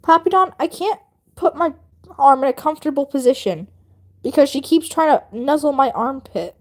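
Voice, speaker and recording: A woman chats on a casual livestream as she works on a drawing, rambling from thought to thought and laughing often. Her voice sits high and moves around a lot, full of swings in pitch. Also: expressive, moderate pace, darkish tone. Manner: rambling, chatty, laughs often, talks to viewers.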